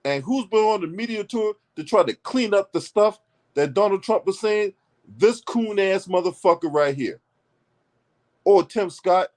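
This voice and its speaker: A man with a fairly high voice tears into politics in a heated, profane commentary rant. He is blunt and mocking, swearing at every turn as he talks straight to his audience. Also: animated, unhurried, a little mellow.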